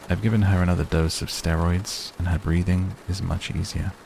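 A man's voice: sits low, flat delivery, normal speed, vocal fry, darkish tone. A man voicing a formal, careful hospital doctor. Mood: measured. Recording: noisy recording.

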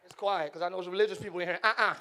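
A male pastor with a very high, ringing voice preaches to a live church congregation. He drives the sermon with shouted, energetic lines and keeps the crowd answering back to him. A faint hum of the room sits under his voice. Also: racing. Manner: energetic, shouting, call-and-response.

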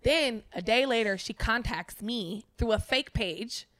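A woman with a slightly high voice tells a story in loose, profane chat, animated and quick to act out everyone involved. The sound is dry and close, with no room around it. She talks like a podcast host holding the floor. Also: no echo. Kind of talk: casual storytelling.

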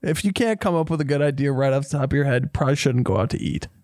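A man's voice: medium pitch, lively intonation, racing, a little mellow, no echo, studio quality. Man with wry blunt one-liners. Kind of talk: casual chat.

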